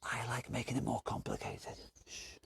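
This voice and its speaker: A man's voice: mid-range voice, wildly swooping pitch, normal speed, creaky, fairly bright tone, breathy edge, dry recording. A man leading an online workout class from his garage, counting down rounds and joking around while out of breath. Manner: jokey, rambling coaching with countdowns. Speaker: fitness instructor. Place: home garage.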